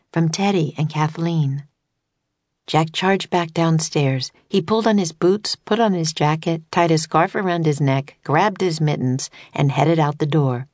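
A woman narrating a children's audiobook in a slow, deliberate, even manner. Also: deep voice. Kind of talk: scripted narration.

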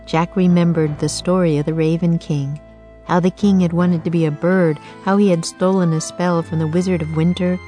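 A woman narrating a children's chapter book in a calm, measured storytelling manner. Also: low voice. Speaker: audiobook narrator. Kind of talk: scripted narration.

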